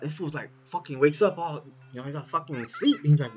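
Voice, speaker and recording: A man rattles through a story to his friends, peppering it with curses and "dude." His voice sits a little high and comes across bright and forceful, with faint music playing behind him. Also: fast talker, slightly rough. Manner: swears a lot, animated, says "dude" often. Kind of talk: casual storytelling.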